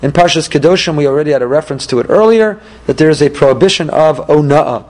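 A man, a rabbi, giving an emphatic Torah class with rhetorical questions and animated delivery. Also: fairly high pitch, quick pace, low-quality recording.

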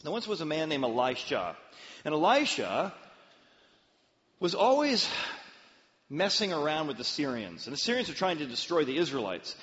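A male pastor telling a story in a sermon, with an animated, dramatic delivery. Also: a little high, moderate pace, pauses often. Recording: dull, long-reverb hall sound.

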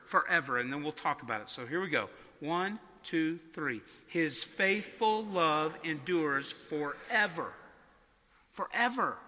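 A man preaching a sermon as pastor, talking conversationally and slowing down to stress key words. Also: sits high, bright, forceful tone, big-room sound. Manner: conversational preaching, slows for emphasis. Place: church sanctuary.

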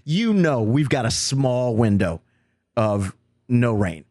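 A man's voice: medium pitch, takes it slowly, no echo. Easygoing man with a mid-range voice. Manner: relaxed storyteller with fillers, laughs easily. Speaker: podcast co-host. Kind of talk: casual comedic chat.

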